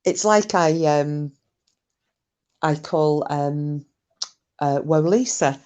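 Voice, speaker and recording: Speaking extremely slowly in a low-pitched, slightly mellow voice, a Scottish woman hosts a casual livestream. She reads viewers' comments aloud and chats back teasingly, with some mild swearing.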